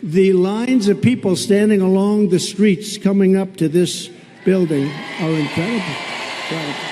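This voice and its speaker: A man's voice: high-pitched, normal speed, dark tone, a little hiss or hum. Boastful man giving a rally speech, echoing hall. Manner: repetitive, boastful, mocking. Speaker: political candidate at a rally. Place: large indoor venue with a crowd. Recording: long reverb of a big hall.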